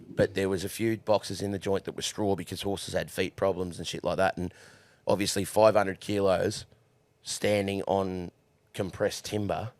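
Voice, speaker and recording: A man's voice: sits low, no echo. A young Australian man, a horse trainer, telling crude stories with lots of swearing and laughter in a casual podcast chat.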